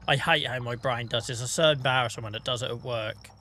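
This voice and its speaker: Bright-voiced man rambling on stream. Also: mid-range voice, fast talker, a little hiss or hum. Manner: rambling, self-deprecating, swears casually. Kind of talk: casual gaming stream chat.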